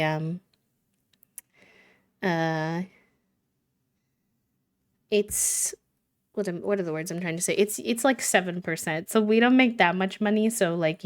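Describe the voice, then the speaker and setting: A woman live-streaming a game, chatting casually, giggling and cooing fondly at the characters. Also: lowish voice. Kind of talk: casual chat while playing a life-sim game.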